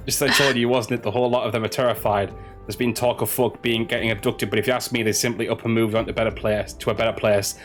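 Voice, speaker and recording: A man reading aloud the lines of a rough, grumbling male merchant from a game. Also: fairly low pitch, level tone, fast talker, soft background music, lightly acted. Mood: gruff.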